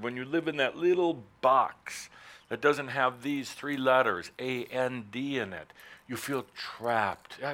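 Speaking live before an audience, a spiritual teacher with a mid-range voice keeps things playful and teasing. He alternates between loud outbursts and quiet, unhurried asides.

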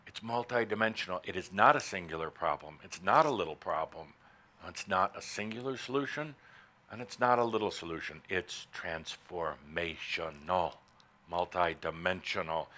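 A spiritual teacher gives a live talk to an audience in a low voice. He's teasing and playful, swinging from loud bursts to soft, slow asides.

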